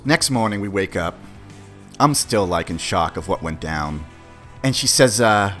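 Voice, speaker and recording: A man hosting his own podcast, telling a story in a casual, profane way. He talks straight to his listeners and swings from loud disbelief to low mutters. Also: a little slow, soft background music. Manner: animated, profane, addresses listeners as guys. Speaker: podcast host.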